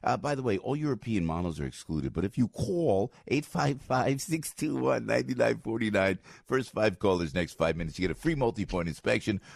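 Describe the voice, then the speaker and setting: A man with a New Jersey accent hosting a radio talk show, loud and pushy, repeating his points in a hard sell. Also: low voice, gravelly, husky, no echo. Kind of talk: live ad read and interview. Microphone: studio mic.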